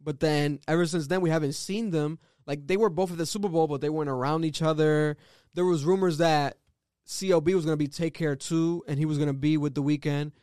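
Animated man in casual podcast chat; high, smooth, dry close sound. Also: no room sound. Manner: animated, laughs often, quick rambling asides.

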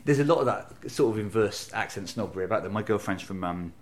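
A man's voice: fairly low pitch, animated, quick pace, a little hiss or hum. An English man from Bristol, a comedian, chatting in an interview in a bar, self-deprecating and storytelling. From England, Bristol. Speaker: comedian and novelist, interview guest. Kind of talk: casual interview chat.

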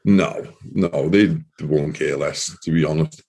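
Deep, low-voiced man, halting. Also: steady tone, darkish tone, slightly rough. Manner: halting, repeating words, voice heavy with distress. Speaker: interview guest, former soldier. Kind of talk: emotional personal testimony.

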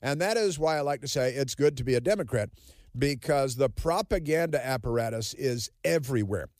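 A man's voice: medium pitch, lively intonation, brisk, darkish tone, dry recording, clean studio sound. A man hosting a political talk radio show, sarcastic and combative. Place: radio studio. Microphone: studio microphone.

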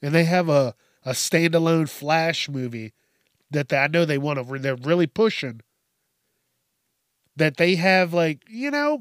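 A man with a fairly high-pitched, fairly bright voice hosts a casual news commentary show, swearing constantly and laughing at his own stories. The recording is dry, with clean studio sound.

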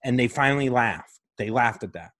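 A man's voice: medium pitch, lively intonation, moderate pace, fairly bright tone, dry recording. A man who is a comedian hosting a podcast, telling a rambling story in casual chat and swearing often.

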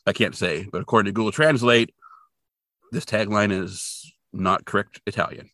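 Chatty man with a gravelly, bright voice. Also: fairly low pitch, moderate pace, no room sound, clean studio sound. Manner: chatty, thinks aloud, second-guesses himself. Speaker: podcast co-host. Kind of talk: casual chat recapping a TV episode.

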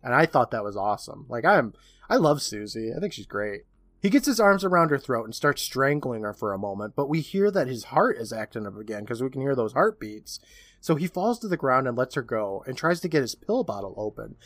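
A man's voice: medium pitch, sing-song, fairly quick, a bit bright, dry recording. A man co-hosting a podcast, recapping a horror episode in casual chat and laughing often. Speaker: podcast co-host.

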